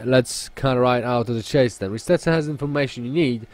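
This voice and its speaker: Close to his everyday voice, a medium-pitched man speaking a little fast portrays a boastful merchant of rare oddities with a grandiose, theatrical air. He talks about himself in the third person through a fake Italian accent that he stumbles on and that slips at times, recorded with no room sound.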